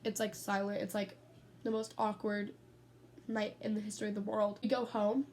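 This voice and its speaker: A teen girl vlogs from her bedroom in a medium-pitched, darkish voice with a level tone and normal speed. She rambles casually, telling stories, getting sidetracked, and swearing freely. Slight background noise can be heard.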